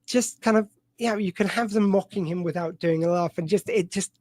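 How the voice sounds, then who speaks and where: A man's voice: sits high, a little fast, a little mellow. A man hosting a live stream, chatting casually with many fillers and side tangents. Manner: rambling, digressive, many fillers and restarts. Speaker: podcast host.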